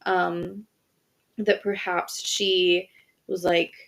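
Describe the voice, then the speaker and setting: A woman's voice: lowish voice, level tone, drawn-out words, creaky, fairly bright tone. A young woman co-hosting a podcast, retelling a history story in casual chat with lots of fillers and restarts. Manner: chatty, many fillers and restarts, laughs easily. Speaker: podcast co-host.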